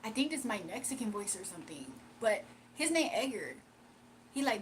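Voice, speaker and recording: Playful young woman streamer, higher voice. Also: big pitch swings, moderate pace, slight background noise, rough recording. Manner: playful, laughs often, reads chat aloud. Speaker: livestream host. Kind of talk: casual livestream chat reading comments.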